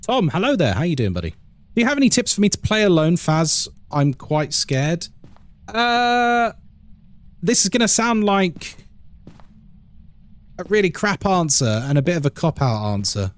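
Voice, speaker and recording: Male streamer, slightly high, bouncy delivery, chatty and quick to laugh. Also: big pitch swings, no echo. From England. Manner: chatty, reads chat aloud, laughs often. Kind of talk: live gaming stream chat.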